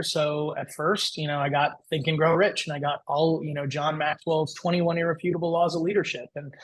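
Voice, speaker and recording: A man in his forties, a podcast guest, telling his career story in a lively, anecdotal way and acting out the voices he quotes. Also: a little high, low-quality recording. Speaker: guest entrepreneur.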